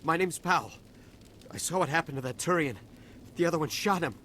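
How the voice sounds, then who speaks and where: A man's voice: on the high side, fairly quick, a bit bright, a little hiss or hum, close to an everyday voice. An actor playing a nervous male dock worker and smuggler in a video game, stammering and defensive. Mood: shaken. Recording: game audio with music behind.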